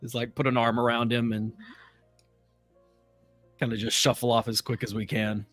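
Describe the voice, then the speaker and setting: A man's voice: mid-range voice, little pitch movement, normal speed, fairly bright tone, faint music behind. A man playing a tabletop game, describing his moves hesitantly while thinking aloud. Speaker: player. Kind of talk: casual game talk.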